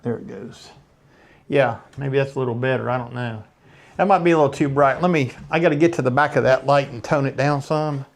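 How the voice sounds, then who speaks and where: Folksy older Southern man chatting. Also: medium pitch. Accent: Southern American. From East Tennessee, USA. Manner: folksy, rambling, unhurried asides. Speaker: photographer hosting a live stream. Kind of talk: casual live-stream chat. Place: home studio.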